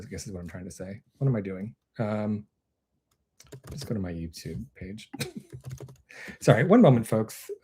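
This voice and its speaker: Chatty man rambling on a live stream. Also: mid-range voice. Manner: rambling and self-interrupting, laughs often. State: losing his voice. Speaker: actor and web series creator hosting a live stream. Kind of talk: casual live stream chat.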